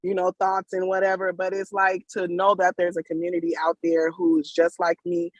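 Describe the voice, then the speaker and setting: A woman's voice: on the low side, monotone, moderate pace, dry recording. Emotional grateful woman on a video call. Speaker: caller. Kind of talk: casual testimony on a video call. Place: at work.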